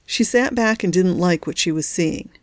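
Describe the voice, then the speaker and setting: Reading a novel aloud from a script, the female audiobook narrator keeps a steady, measured storytelling pace. Her voice is somewhat low. The audio has studio quality and no room sound.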